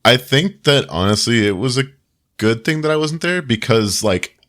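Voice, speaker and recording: Male player in casual chat, bright edgy tone, wry and self-mocking. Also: mid-range voice, lively intonation, normal speed. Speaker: podcast player.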